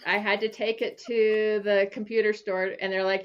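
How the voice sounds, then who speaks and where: A woman business coach and podcast guest, telling stories in a relaxed way and often restarting her phrases. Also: medium pitch, normal speed, hardly any pauses, clean tone, highs cut off. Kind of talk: casual interview chat.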